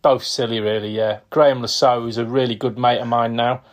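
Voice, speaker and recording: Fifties male guest, chatty storyteller, mid-pitched, acts out quotes. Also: fairly quick. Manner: lively storyteller who acts out quotes and laughs often. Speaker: podcast guest, retired footballer. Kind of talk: casual anecdotal storytelling.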